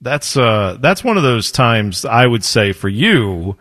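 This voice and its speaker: A man in a podcast chat with a wry, conversational delivery. His voice is mid-pitched, and the recording is dry and close with no room sound. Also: big pitch swings, takes it slowly, a bit bright, no echo. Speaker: podcast co-host. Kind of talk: casual chat.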